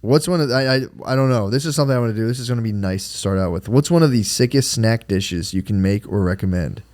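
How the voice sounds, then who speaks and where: A man's voice: fairly low pitch, quick pace, a little mellow. A man in his thirties co-hosting a casual podcast chat, profane and laughing, acting out little scenes with his family. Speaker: podcast co-host.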